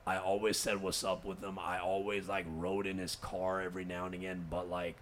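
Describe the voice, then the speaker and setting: Deep-voiced young man in emotional talk. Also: completely flat delivery, a little fast, fairly bright tone, a little hiss or hum. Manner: emotional, rambling, heavy cursing, mixes in Urdu words. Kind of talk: casual conversation.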